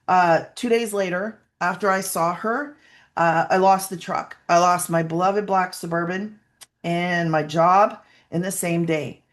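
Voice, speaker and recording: A woman's voice: on the low side, steady tone, a little slow. A woman, a guest in an interview, telling her personal story in an earnest, emotional way, close to tears at times, with many fillers and restarts.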